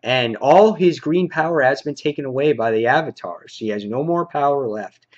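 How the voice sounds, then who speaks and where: A man reviewing comic books in a casual, rambling way, full of fillers and excited retelling. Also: medium pitch, moderate pace, highs cut off. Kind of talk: casual review and plot recap.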